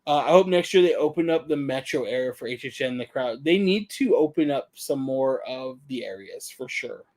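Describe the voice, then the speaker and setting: A man's voice: medium pitch, lively intonation, moderate pace, darkish tone. A man co-hosting a casual live-stream chat, laid-back and slangy. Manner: laid-back, says "dude" and "dope". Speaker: podcast co-host.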